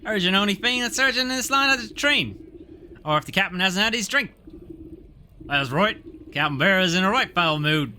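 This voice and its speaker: A man voicing a pair of greedy, quarrelsome male camp guards in a rough, raised voice. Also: sits high, animated, moderate pace, pushed and bright, a little hiss or hum, pitched above the performer's own voice, exaggerated voice. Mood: gruff.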